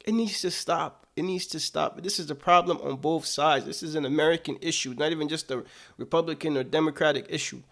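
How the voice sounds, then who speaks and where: A man's voice: fairly high pitch, fairly quick, gravelly, fairly bright tone. A man delivering political commentary, emphatic and indignant, repeating his points for weight.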